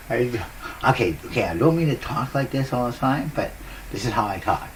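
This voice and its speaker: A man's voice: mid-range voice, lively intonation, normal speed, recorded from a distance, background noise. A man talking to his viewers in a casual rambling monologue, upbeat and giggly, laughing often, on a new cheap microphone. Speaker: vlogger. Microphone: new cheap desk microphone.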